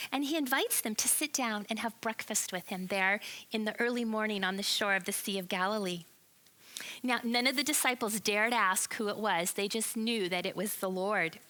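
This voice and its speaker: A woman telling a Bible story to children as a church lesson, animated and expressive, asking her listeners questions. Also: mid-range voice, normal speed. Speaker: children's ministry teacher.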